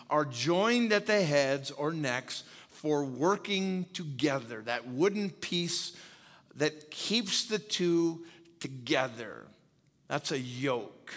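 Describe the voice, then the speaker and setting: Emphatic pastor, booming hall reverb. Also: male voice, fairly bright tone. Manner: emphatic, repeats key phrases, quizzes the audience. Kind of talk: sermon.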